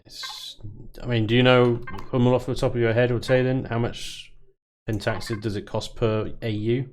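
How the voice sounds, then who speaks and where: A man's voice: mid-range voice, level tone, normal speed, darkish tone. A man hosting a game stream in casual chat, joking and enthusiastic. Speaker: stream host.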